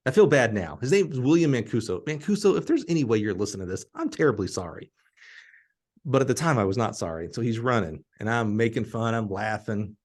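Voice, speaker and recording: A middle-aged man from Alabama, hosting a podcast and telling a story in an animated, laughing way. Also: medium pitch, brisk. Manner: animated, laughing storyteller who acts out quotes. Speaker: podcast host.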